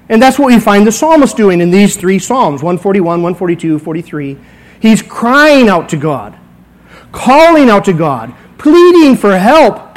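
High-voiced man preaching a sermon. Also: poor audio. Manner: conversational, acts out little dialogues. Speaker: pastor. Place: church sanctuary.

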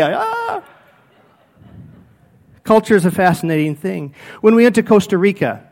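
A middle-aged male pastor preaching a sermon, telling personal stories and acting out what people said. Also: sits high. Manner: animated storytelling, acts out quoted speech.

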